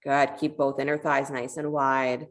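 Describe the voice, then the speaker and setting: A woman teaching a yoga class, giving calm, encouraging cues and telling a short parable along the way. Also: very deep voice, a little slow. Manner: calm, encouraging cueing with a parable told in between.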